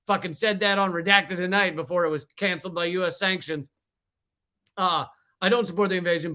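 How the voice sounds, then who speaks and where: A man hosting his own livestream, ranting in a casual, profane and joking way from a warm room with no fan running. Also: on the high side. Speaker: livestream host. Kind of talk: casual political livestream rant. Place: hot room without a fan.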